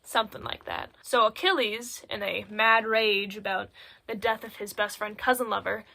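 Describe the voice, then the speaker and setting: A woman's voice: mid-range voice, fairly even intonation, moderate pace, vocal fry, sharp tone. Chatty teenage girl retelling a myth. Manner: chatty and irreverent, heavy with filler words and asides. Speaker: student presenting a school project. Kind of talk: casual spoken recap in slangy storytelling. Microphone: phone.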